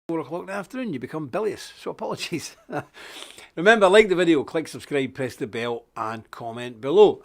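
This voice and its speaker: A man's voice: on the high side, fairly bright tone. Chatty, rambling male live-stream presenter. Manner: chatty, self-deprecating, greets viewers one after another; preachy and emphatic on faith. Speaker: guest presenter of a daily live show. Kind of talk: casual rambling live-stream chat with scripture reading.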